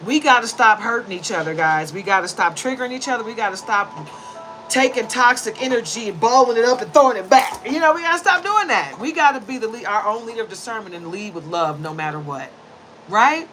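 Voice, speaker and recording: A woman in her forties, a tarot reader, telling a personal story in casual talk, animated, with loud bursts and low, earnest stretches. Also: fairly quick, faint music behind, poor audio.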